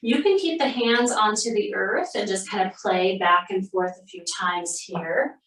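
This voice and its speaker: A woman's voice: medium pitch, a little slow. Yoga teacher woman in a roomy space. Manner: calm, steady cueing, breathing between phrases. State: a little out of breath. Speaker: yoga instructor. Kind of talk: guided yoga class instruction. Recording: roomy sound, mic at a distance.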